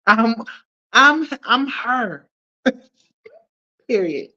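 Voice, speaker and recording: Slow, playful woman chatting on a livestream. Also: fairly high pitch, big pitch swings, pushed and bright, dull audio. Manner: playful, laughs often, hypes up viewers. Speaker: livestream host. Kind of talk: casual livestream chat with viewers.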